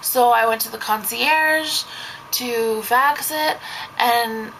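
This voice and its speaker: A woman's voice: a little high, slow, a bit bright, a little hiss or hum, poor audio. A young woman, a babysitter, telling a story in a casual vlog, rambling and saying "like" constantly. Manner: rambling, heavy use of "like".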